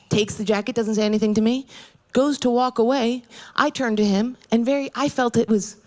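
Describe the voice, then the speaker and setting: A woman in her thirties doing a stand-up set, telling a profane story in a brash way and breaking into yelling rants. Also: medium pitch, quick pace. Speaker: stand-up comedian. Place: comedy club stage. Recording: live club with loud crowd laughter. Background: audience laughing.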